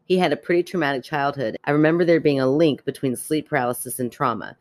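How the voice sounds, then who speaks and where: A woman's voice: deep voice, quick pace, a little mellow, no echo. A woman co-hosting a podcast who tells a listener's story with lots of expression, frequent laughter and casual swearing. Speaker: podcast co-host. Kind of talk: casual chat, reading a listener email aloud.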